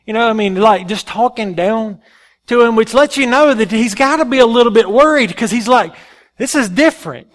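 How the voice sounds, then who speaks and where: A male pastor preaching a sermon in an animated, folksy storytelling way. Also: very high voice, fairly quick.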